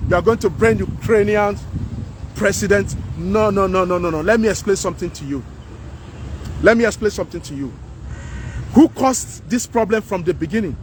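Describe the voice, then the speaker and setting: A man's voice: high voice, brisk, slight background noise. A man delivering a fervent, repetitive to-camera rant outdoors by houses on a street. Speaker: vlogger.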